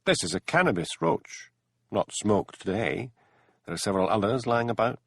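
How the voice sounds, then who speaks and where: Shrewd Highland policeman, played by a man, deadpan and sarcastic, low and gravelly. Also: normal speed, no room sound, exaggerated voice. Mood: dry. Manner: dry, sarcastic. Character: shrewd Highland village policeman, dry and sardonic.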